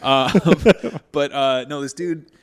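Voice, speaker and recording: Man in his thirties, casual podcast chat, swearing, lively storyteller, mid-pitched voice. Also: slow, smooth. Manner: profane, animated storyteller. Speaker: podcast co-host.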